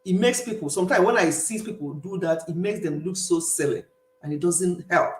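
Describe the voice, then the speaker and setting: A woman's voice: fairly low pitch, fairly quick. Woman, Nigerian Igbo accent, middle-aged, emphatic casual chat, roomy echo. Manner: chatty, emphatic, laughs often. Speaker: livestream host. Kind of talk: casual chat with live viewers. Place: home in the UK.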